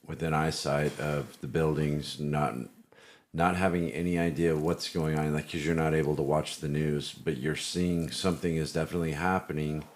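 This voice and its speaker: Male podcast host, extremely low voice, calm and reflective. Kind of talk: casual interview chat.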